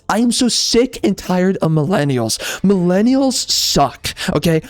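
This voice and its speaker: A man's voice: fairly high pitch, a little mellow, no room sound. A man giving a ranting video game review, exasperated and emphatic, repeating himself and tossing in slang and fillers. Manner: frequent filler words and restarts, casual slang.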